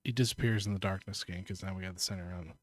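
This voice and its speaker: A man's voice: sits low, fairly even intonation, racing, no echo. A man co-hosting a podcast in casual chat, animatedly retelling a film scene, swearing and acting out the lines. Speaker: podcast co-host.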